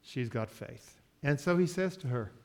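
A man preaching a sermon, moving from quiet asides to loud, drawn-out declarations. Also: mid-range voice, animated. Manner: slow, emphatic preaching with sports metaphors; swings from soft asides to loud, stretched-out declarations. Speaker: pastor.

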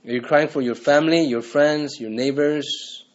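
A man's voice: a little high, steady tone, normal speed. Earnest preacher man, dull lo-fi recording. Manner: earnest, asks the listeners repeated rhetorical questions. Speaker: pastor. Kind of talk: sermon.

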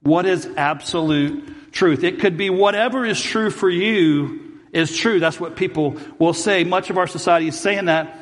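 A man's voice: high voice, normal speed, long reverb tail. A man preaching a sermon as pastor, telling a personal story and acting out both sides of each argument.

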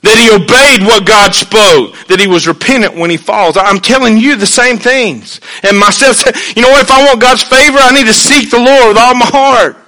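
A man preaching a sermon in an earnest, conversational way, swinging between hushed and emphatic, with folksy asides. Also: very high voice, moderate pace, few pauses, poor audio.

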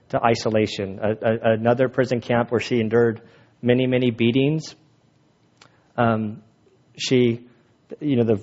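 Man preaching, casual and halting. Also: mid-range voice, darkish tone, highs cut off. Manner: casual storytelling with many fillers and restarts; reads a passage aloud while holding back tears. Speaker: pastor. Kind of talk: sermon.

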